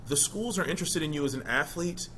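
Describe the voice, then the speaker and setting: A man's voice: fairly high pitch, lively intonation, fast talker, a bit bright, slight background noise. A man guest in an interview, talking casually and with emphasis about his college choice, often checking in with his listener. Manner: conversational, emphatic, asks "you know what I mean?". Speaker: interview guest, former college football player.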